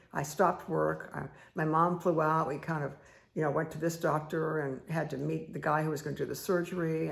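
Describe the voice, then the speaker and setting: Woman meditation host, heavy vocal fry, chatty storyteller who rambles with lots of fillers. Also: low voice. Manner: rambling, many fillers and asides. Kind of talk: casual personal storytelling.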